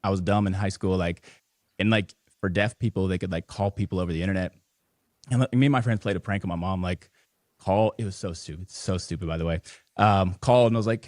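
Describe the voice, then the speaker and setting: A man in his thirties, a podcast guest, telling a personal family story in a halting, earnest way with many fillers and restarts. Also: low-pitched, darkish tone, no room sound, clean studio sound. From Houston, Texas.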